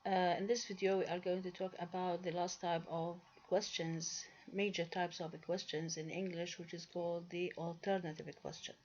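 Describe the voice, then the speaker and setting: A woman's voice: lowish voice, level tone, normal speed, hardly any pauses, darkish tone. Lecturing woman on a dull lo-fi recording. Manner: explains step by step, asks and answers her own questions, frequent uh and restarts. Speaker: university English lecturer.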